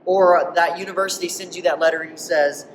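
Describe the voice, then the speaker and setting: A man's voice: on the high side, steady tone, fairly quick, noisy background. Man, preacher, conversational sermon, emphatic, rhetorical questions, distant mic, long church reverb. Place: church hall.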